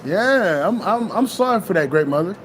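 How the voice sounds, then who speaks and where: High-voiced man giving a profane pep talk. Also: animated, moderate pace, fairly bright tone, slight background noise. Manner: loose, profane, repeats himself. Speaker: spiritual vlogger. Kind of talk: casual spiritual pep talk.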